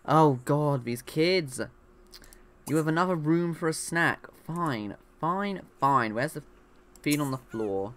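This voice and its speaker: Young adult, let's-play commentator; chatty, self-interrupting, addresses the game's characters, average pitch. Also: a little slow. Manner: chatty, rambling, talks to game characters, often trails off. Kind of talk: casual gameplay commentary.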